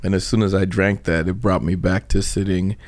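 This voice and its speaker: A man from Trinidad, a comedian guest, chatting casually, telling animated stories and laughing often. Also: sits low, a little fast. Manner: animated storyteller, laughs often, breaks into mock voices. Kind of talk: casual interview chat.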